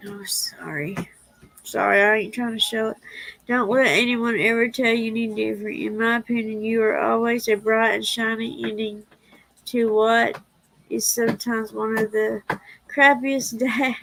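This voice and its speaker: A woman's voice: on the high side, fairly even intonation, moderate pace, creaky, fairly bright tone, no echo, poor audio. A woman hosting a casual livestream, reading prayers and speaking tenderly and emotionally. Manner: tender, emotional, laughs easily.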